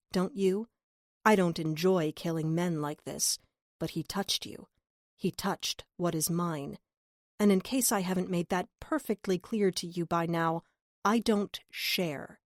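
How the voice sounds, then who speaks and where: A woman voicing an obsessed male serial killer, reading his taunting letter slowly and deliberately in an audiobook. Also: fairly low pitch, darkish tone, no room sound, clean studio sound, close to an everyday voice. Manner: possessive, slow and deliberate.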